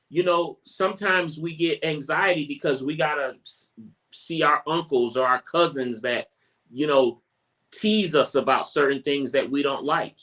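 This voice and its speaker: A man hosting a podcast, giving casual advice in a conversational way, often repeating phrases and restarting sentences. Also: mid-range voice. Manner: acts out quoted family chatter in brighter voice. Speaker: podcast host.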